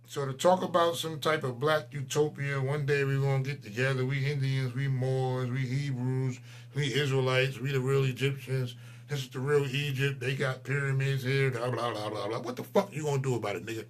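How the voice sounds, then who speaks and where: A man in his forties, a channel host, delivering a profane, heated ranting monologue that swings between loud outbursts and low mutters. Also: flat delivery, normal speed. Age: 40s.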